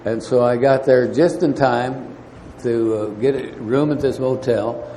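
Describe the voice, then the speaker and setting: Brief: man, halting storyteller, mellow low tone, long hall reverb, faint background hiss. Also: steady tone. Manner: halting, many fillers and restarts. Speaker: recovery meeting speaker. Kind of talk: storytelling talk. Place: meeting hall.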